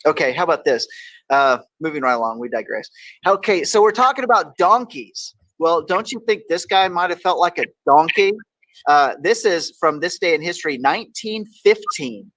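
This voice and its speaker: A man's voice: on the high side, expressive, moderate pace, a bit bright, no room sound, rough recording. A man from Texas hosting a casual talk show, reading daily quotes aloud with playful emphasis. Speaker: host.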